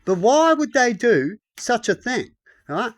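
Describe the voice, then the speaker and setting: A man's voice: very high voice, sing-song, slow pace. Rambling, swearing man. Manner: rambling, swears, acts out quoted voices loudly. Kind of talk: casual rambling rant.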